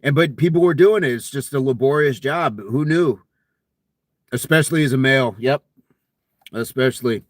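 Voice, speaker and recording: A man's voice: mid-range voice, normal speed, long pauses, no echo, clean studio sound. A man hosting a casual fitness live stream, reading viewer comments aloud in a jokey, friendly way and laughing often.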